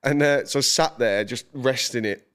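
A man telling an animated story as a podcast guest, swearing and laughing as he goes. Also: medium pitch, normal speed, clean tone. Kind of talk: casual chat, storytelling.

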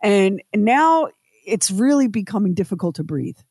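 Animated storytelling woman co-host. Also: mid-range voice, normal speed, no room sound. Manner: animated storytelling with quoted voices. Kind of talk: casual chat.

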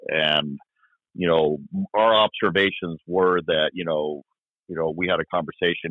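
A man, a former police officer, recounting events in an interview, halting with many fillers and restarts. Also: low-pitched, fairly even intonation, no room sound. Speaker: retired police officer guest. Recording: dry, tinny phone-like line.

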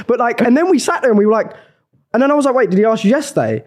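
A man's voice: high-pitched, expressive, fast, darkish tone. A young man co-hosting a podcast, rambling through a story with lots of fillers and little laughs. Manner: rambling, filler-heavy, giggly. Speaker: podcast co-host. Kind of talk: casual chat. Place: podcast studio.

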